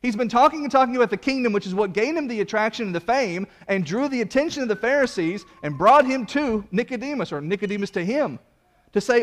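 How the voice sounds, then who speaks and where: A man preaching a sermon to a congregation, animated and conversational, acting out the people he quotes. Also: high voice, quick pace. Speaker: pastor.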